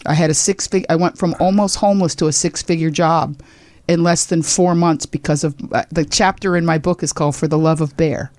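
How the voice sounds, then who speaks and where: A woman's voice: low-pitched, brisk, no echo. A woman in her sixties, a comedian telling a story as a podcast guest, acting out the people she quotes. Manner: animated, acts out quoted people.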